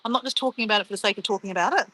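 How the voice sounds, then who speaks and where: A woman's voice: mid-range voice, rapid-fire, pushed and bright, no room sound, rough recording. A middle-aged Australian woman with an Australian accent, hosting a casual livestream, chatty and upbeat as she reads out chat messages and shrugs off insults. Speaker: livestream host reading chat.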